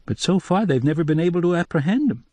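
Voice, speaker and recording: A man's voice: a little high, lively intonation, fast, a little mellow, dry recording, pitched above the performer's own voice. A man voicing a blunt, confiding local official in an audiobook, close and dry.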